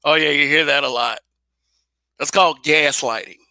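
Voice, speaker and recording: A man's voice: a little high, normal speed, pushed and bright, dry recording. A man hosting his own channel, talking bluntly and casually with profanity and frequent restarts. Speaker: channel host. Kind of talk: casual opinion monologue.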